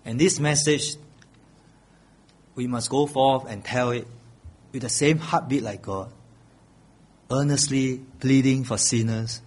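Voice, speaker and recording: A man's voice: mid-range voice, slow pace, long pauses, a little mellow. A middle-aged male pastor preaching a sermon, earnest and pleading, repeating his key phrases.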